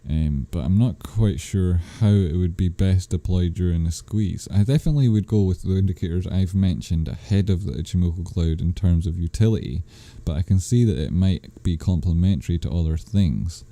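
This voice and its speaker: Deep, dark-toned man chatting. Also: moderate pace, few pauses. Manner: rambling, self-correcting, reads chat questions aloud. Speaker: livestream host answering chat. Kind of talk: casual live-stream chat.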